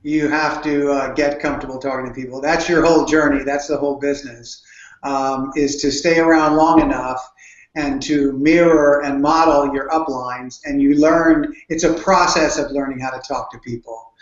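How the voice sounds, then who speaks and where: A guest speaker on network marketing answers interview questions about prospecting, telling earnest stories and frequently restarting his sentences. His voice is slightly high, with fairly even intonation and a moderate pace. The recording sounds dull and roomy.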